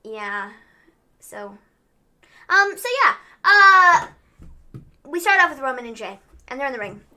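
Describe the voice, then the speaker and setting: A young woman co-hosting a casual wrestling review stream, animated and acting out quotes. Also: high voice, unhurried. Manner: animated, acts out quotes in exaggerated voices. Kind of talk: casual recap chat.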